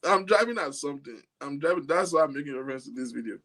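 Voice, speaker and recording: A man's voice: fairly high pitch, animated, fast, a bit bright. Amused Nigerian man vlogging. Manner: amused, incredulous, laughs often. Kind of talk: casual commentary to camera.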